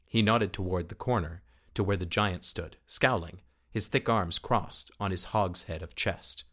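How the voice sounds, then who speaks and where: Low-voiced male audiobook narrator. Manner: measured, steady storytelling.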